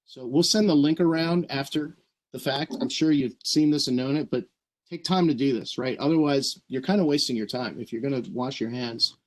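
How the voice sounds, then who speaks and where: A man's voice: mid-range voice, moderate pace. Earnest man presenting on a video call. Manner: earnest, explanatory, frequent "right?" asides. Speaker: scout troop leader. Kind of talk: virtual meeting presentation.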